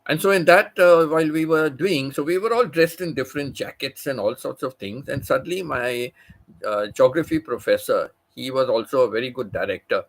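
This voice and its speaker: A man's voice: mid-range voice, a little fast. A man, a livestream host, telling a long personal story in casual chat, full of "you know" and restarts. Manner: rambling, many fillers like "you know".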